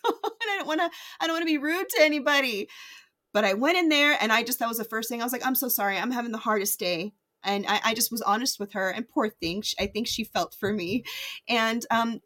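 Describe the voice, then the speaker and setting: A woman's voice: on the high side, fairly bright tone. A woman in her thirties earnestly telling a personal faith story to her viewers, confiding and unpolished, with many fillers and restarts. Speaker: faith vlogger.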